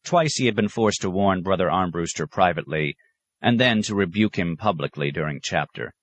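A man reading a novel aloud with calm, expressive narration. His voice sits fairly low and moves with lively intonation, and the recording is dry and close with no room sound. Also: a little fast, no room sound. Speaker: audiobook narrator. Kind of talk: scripted narration.

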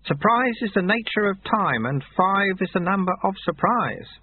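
A man voicing an amiable little old monk sweeper who speaks cheerfully, unhurriedly and with gentle teasing, heard through tinny phone-like audio. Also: sits high, expressive, moderate pace, husky, pitched above the performer's own voice.

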